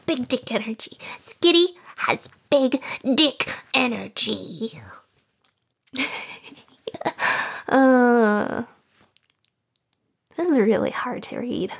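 A woman chatting casually in a soft, whispery voice, giggly and rambling. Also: on the high side, lively intonation, very slow, vocal fry, pauses often, husky.

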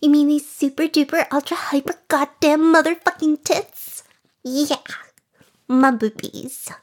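A woman's voice: high-pitched, steady tone, a little slow, pitched above the performer's own voice. A woman putting on a silly voice as a bubbly, boastful woman, exaggerated and bouncy. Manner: exaggerated, bouncy, over-the-top.

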